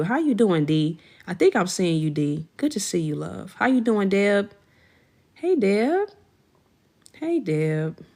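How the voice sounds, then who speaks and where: A woman hosting a casual livestream, chatting with viewers, thanking and shouting them out by name in an effusive, slangy way. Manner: jumps to high excited pitch when celebrating. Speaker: livestream host.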